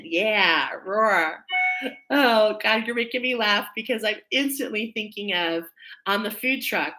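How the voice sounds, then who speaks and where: Bright-voiced chatty woman hosting live. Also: mid-range voice. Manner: chatty, spontaneous, thinking aloud and laughing often. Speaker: spiritual reader and host of a live stream. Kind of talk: casual live-stream chat.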